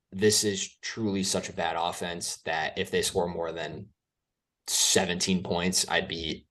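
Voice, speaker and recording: A man co-hosting a sports podcast, talking excitedly and often breaking off and restarting his sentences. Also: low-pitched. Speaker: co-host. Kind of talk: casual sports podcast chat.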